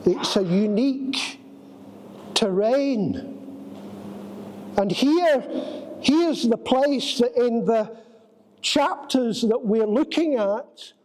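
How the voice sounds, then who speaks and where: A male preacher with an unusually high voice delivers his sermon in a church. He speaks at an unhurried pace and stretches his phrases for dramatic effect as he tells a story. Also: lively intonation, a little mellow, slight background noise, poor audio.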